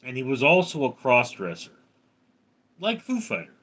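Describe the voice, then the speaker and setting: A man's voice: medium pitch, huge pitch swings, moderate pace, a bit bright. A man in his thirties live streaming, reading out viewers' names and answering them with crude, joking replies. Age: 30s. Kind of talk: casual live-stream chat.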